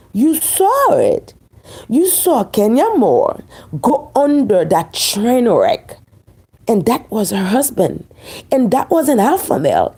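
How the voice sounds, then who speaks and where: A woman with a Haitian accent delivers a fiery opinion commentary to her viewers. Her voice is mellow and a little husky, and her pitch swings widely. She preaches each point and repeats key phrases slowly for emphasis.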